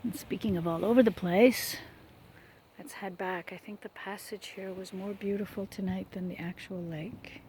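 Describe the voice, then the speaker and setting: A woman's voice: mid-range voice, steady tone, moderate pace, slight background noise. A woman rambling reflectively in a vlog while walking outdoors by a lake, talking into her phone and often dropping to a whisper. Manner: reflective, soft-spoken, drops to whispers. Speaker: vlogger. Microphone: phone held while walking.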